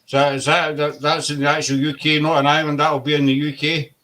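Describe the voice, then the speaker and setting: A man's voice: fairly high pitch, level tone, fairly quick, a loud crowd. A man hosting an interview, asking questions hesitantly with many restarts. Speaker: podcast host.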